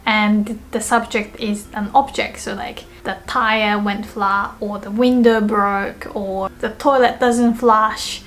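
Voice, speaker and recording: A woman giving a language lesson, explaining grammar and repeating each example phrase slowly and carefully. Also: fairly high pitch, slight background noise. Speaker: Japanese teacher.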